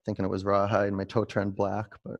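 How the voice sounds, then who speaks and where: A man's voice: fairly low pitch, monotone, brisk, dull audio. A man leading a live-streamed yoga class, giving pose cues between rambling, laughing asides. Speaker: yoga teacher.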